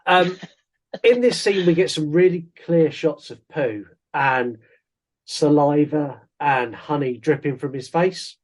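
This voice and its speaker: A man's voice: a little high, takes it slowly. Rambling podcast co-host, man. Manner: rambling, jokey, self-interrupting. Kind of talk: casual film review chat.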